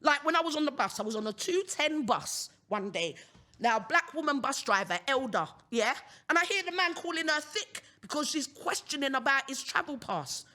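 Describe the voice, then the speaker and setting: A woman's voice: high voice, pushed and bright. A British woman hosting a solo podcast, ranting outspokenly and often checking the listener understands. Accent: British English. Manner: outspoken, keeps asking "you understand what I'm saying?". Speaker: podcast host.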